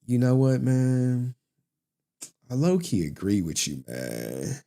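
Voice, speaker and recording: A man's voice: medium pitch, big pitch swings, slow pace, creaky, mellow. A man hosting a livestream, casual slangy commentary with frequent laughter. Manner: slangy, loose, laughs often. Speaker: livestream host.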